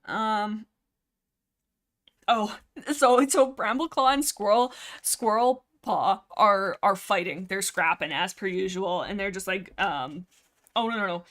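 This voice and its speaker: A woman's voice: medium pitch, takes it slowly, fairly bright tone. A young woman hosting a casual livestream, rambling happily about a book series with plenty of fillers and restarts. She keeps jumping back to correct herself and add side comments as she goes. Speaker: livestream host.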